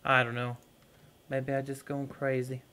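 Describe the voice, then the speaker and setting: A man's voice: medium pitch, completely flat delivery, measured pace, sharp tone. Young male gaming host, rambling let's-play chat, light hiss on the mic. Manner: rambling, talks to viewers while playing. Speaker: gaming YouTuber. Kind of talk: casual let's-play commentary.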